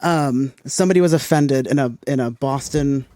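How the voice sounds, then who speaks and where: A man's voice: medium pitch, moderate pace, dark tone, no room sound. Easygoing man laughing through a podcast chat. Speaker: podcast guest. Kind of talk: casual chat.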